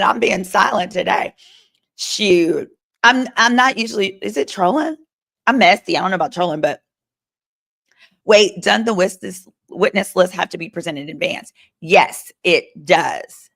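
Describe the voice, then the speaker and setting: Sassy woman lawyer live-streaming, gravelly. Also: mid-range voice, a bit bright. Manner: chatty, sassy asides to the chat. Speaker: lawyer host of a live legal commentary stream. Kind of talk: live-stream commentary reading chat.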